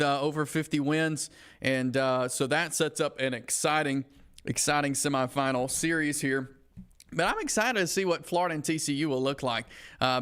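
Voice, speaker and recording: A man's voice: on the high side, a bit bright, clear, resonant tone. A man with a Southern American accent hosting a sports talk show, chatting casually with frequent fillers. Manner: conversational, many "uh" fillers.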